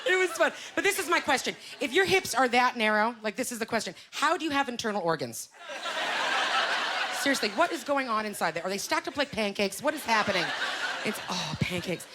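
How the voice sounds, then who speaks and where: A middle-aged woman doing a stand-up comedy set on a club stage, with an animated, self-mocking delivery full of rhetorical questions. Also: a little high, fairly quick. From Canada. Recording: live club recording, loud crowd laughter and noise.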